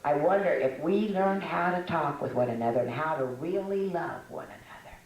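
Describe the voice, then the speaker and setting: A woman's voice: deep voice, expressive, normal speed, a little mellow, a little hiss or hum. An older woman giving a folksy, self-mocking talk to a women's meeting, with frequent laughs and fillers. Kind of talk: conversational talk to a women's audience. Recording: echoey room.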